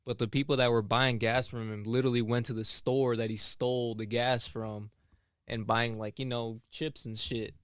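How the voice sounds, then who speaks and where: A man's voice: medium pitch, level tone, normal speed, smooth, no echo, clean studio sound. A young man in casual chat, telling an anecdote in a laid-back, slangy way.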